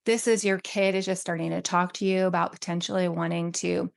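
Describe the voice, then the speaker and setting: A woman with a social work background giving parenting advice to camera in a calm, steady coaching tone, often checking in with "right?". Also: lowish voice, fairly quick, gravelly. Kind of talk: direct-to-camera advice talk.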